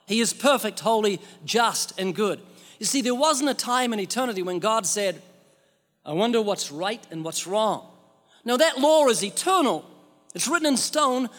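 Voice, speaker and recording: A man's voice: high voice, a bit bright, long reverb tail. A man preaching a sermon in an emphatic way, asking rhetorical questions.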